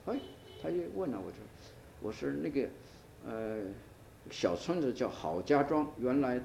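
An older man, a retired professor whose first language is Chinese, recalls his past in an oral history interview, speaking haltingly with many hesitations and restarts and switching into Chinese. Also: medium pitch, big pitch swings, vocal fry, darkish tone. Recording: roomy, dull archival tape with faint hiss.

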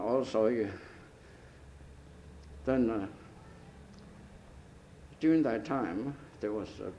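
An older man, a native Chinese speaker, reminisces in a mellow, darker voice, pausing often and restarting his sentences. The old tape sounds roomy and a little dull, with faint hiss behind him. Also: medium pitch. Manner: halting, many hesitations and restarts, switches into Chinese. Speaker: interviewee, retired professor. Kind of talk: oral history recollection.

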